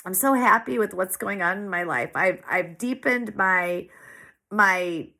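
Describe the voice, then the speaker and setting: A woman's voice: medium pitch, a little slow, gravelly, bright, forceful tone. Earnest woman in her forties, heartfelt. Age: 40s. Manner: emotional, earnest, repeats phrases for emphasis. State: teary-eyed, sniffling. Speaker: small business owner sharing her story. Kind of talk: heartfelt personal monologue.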